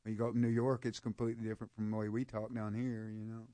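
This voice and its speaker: A man who plays in a band, a guest on a radio show, talking quickly and rambling in casual chat. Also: on the low side, flat delivery, warm tone, no room sound.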